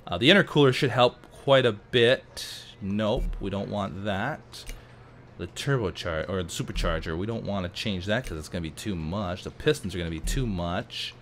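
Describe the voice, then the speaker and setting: A man casually commenting while playing a racing game, chatty and jokey with sudden excited outbursts. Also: low-pitched, normal speed, slight background noise. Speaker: let's play host.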